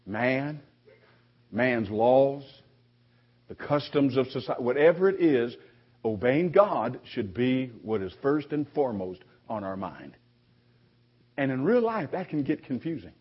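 Husky preacher with animated delivery. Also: male voice, medium pitch, a little slow. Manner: conversational preaching with repeated restarts, animated quoting. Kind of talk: sermon. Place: church sanctuary. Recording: dull lo-fi recording.

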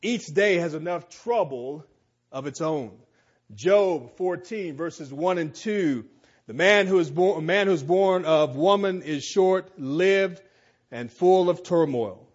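High-voiced guy preaching a sermon real slow, leans hard on repeated lines, kinda muffled lo-fi sound. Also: expressive. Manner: slow, emphatic delivery with repeated phrases and rising exclamations.

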